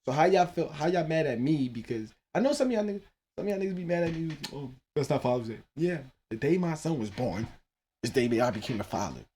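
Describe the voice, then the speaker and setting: A man's voice: fairly high pitch, expressive, fast, a little mellow, breathy edge. A man in his thirties hosting his own podcast, rambling casually about his teenage son with loose, profane talk and laughing asides. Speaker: podcast host.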